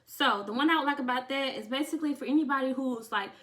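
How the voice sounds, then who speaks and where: A young woman vlogging, talking casually and sassily to her viewers, calling them honey and getting excited almost to tears. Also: sits high, fast. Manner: sassy and chatty, says honey a lot; emotional, close to tears with excitement. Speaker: beauty vlogger. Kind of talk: casual chat to camera.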